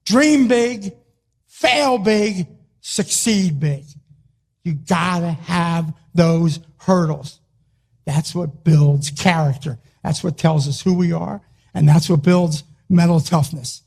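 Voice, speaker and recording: A man delivers a rousing motivational talk, his voice pitched high for a man. He hammers short phrases again and again like a wrestling coach pushing his team. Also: slow, gravelly, a little mellow. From Philadelphia, US. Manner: emphatic, punchy, repeats short phrases. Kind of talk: motivational speech.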